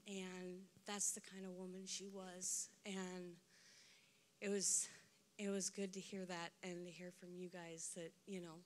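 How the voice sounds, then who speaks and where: A woman's voice: lowish voice, level tone, a little slow, slight background noise. Woman telling a memorial story. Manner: conversational storytelling, acting out dialogue. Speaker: daughter giving a eulogy. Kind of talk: memorial tribute.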